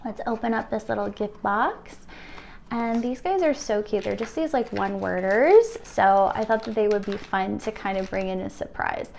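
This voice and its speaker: A woman's voice: medium pitch, moderate pace, creaky, darkish tone, slight background noise. A woman giving an intuitive card reading to viewers, gushing and emotional with frequent light laughs. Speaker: tarot reader.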